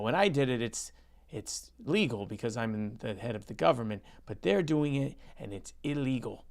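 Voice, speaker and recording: A man putting on a mocking impression of a smug politician, high and whiny, with a gravelly edge to his voice. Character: mock prime minister, smug nasal politician man.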